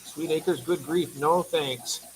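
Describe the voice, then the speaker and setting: A man's voice: on the high side, takes it slowly, a little hiss or hum, rough recording. Man, livestream host, casual chat, tired, reads comments aloud, affectionate.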